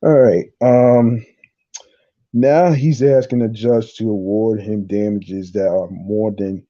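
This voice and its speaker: A man hosting a casual solo podcast, reading news aloud haltingly, repeating words and adding his own reactions. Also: lowish voice, fairly even intonation, mellow, highs cut off. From New York. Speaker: podcast host.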